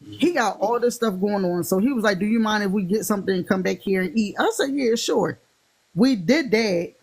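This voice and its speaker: A woman's voice: moderate pace, slightly rough. A woman with a Philadelphia accent, animatedly telling a funny dating story in casual chat and acting out the quotes. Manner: animated, acts out quotes in higher voices.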